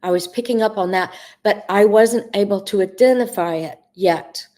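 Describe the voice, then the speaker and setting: A middle-aged woman hosting a live Q&A on spiritual coaching, speaking earnestly and addressing viewers by name, with drawn-out, emphatic phrasing. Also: medium pitch, a little mellow. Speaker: host answering viewer questions.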